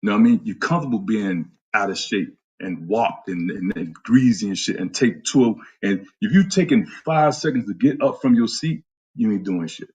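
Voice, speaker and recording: On a muffled recording, a fitness trainer streams casually, his lowish, husky voice a little mellow, animated, and at normal speed. He swears bluntly while trash-talking viewers about getting fit, pausing now and then to say hello to people by name.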